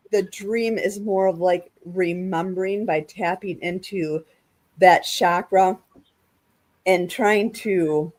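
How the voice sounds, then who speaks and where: A woman hosts a casual panel chat over a video call, with a voice of ordinary middle pitch. She explains at length and often restarts her sentences. Her tone stays conversational throughout. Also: a little mellow. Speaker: podcast host.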